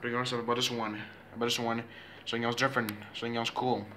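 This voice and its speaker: A man chatting playfully in a home video, halting and repeating himself while making up silly introductions. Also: mid-range voice, little pitch movement, sharp tone, a little hiss or hum.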